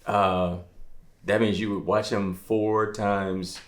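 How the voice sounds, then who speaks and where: Deep-ish guy, laid back, lots of "like", echoey room. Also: slow. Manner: relaxed, heavy use of "like", teasing. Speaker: podcast co-host, husband. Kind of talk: casual chat.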